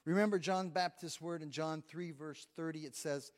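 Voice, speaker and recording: A man's voice: a little high, fairly even intonation, normal speed. A man preaching a sermon in a conversational way, reading scripture aloud between his own remarks. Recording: long reverb of a large hall.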